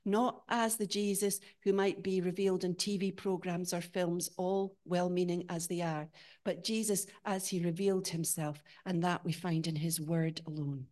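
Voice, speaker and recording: Woman preaching an animated sermon. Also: fairly low pitch, normal speed. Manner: animated, rising to emphatic peaks and dropping to quiet questions. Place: church.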